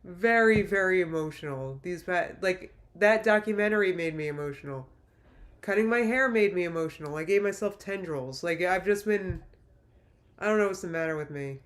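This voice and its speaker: A woman in her late thirties hosts a YouTube livestream, her voice on the low side and her pace moderate. She chats casually, reading viewer comments in an emotional, rambling way and restarting often.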